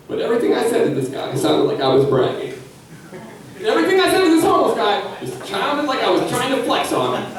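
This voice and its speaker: Lively young man doing stand-up. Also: high voice, distant mic. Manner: crude, animated storytelling. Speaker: stand-up comedian. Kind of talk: stand-up set. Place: comedy club stage. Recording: echoey club from afar, loud audience.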